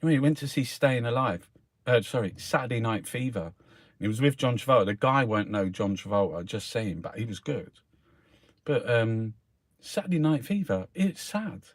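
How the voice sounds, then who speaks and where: A Cockney man from South London talks in a loose, rambling monologue, peppering every sentence with swearing and "mate". His voice sits fairly low, and the sound is dry and close, with no room around it. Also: moderate pace, no echo. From South London, England. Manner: swears constantly, calls listeners mate. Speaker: host reviewing the newspapers.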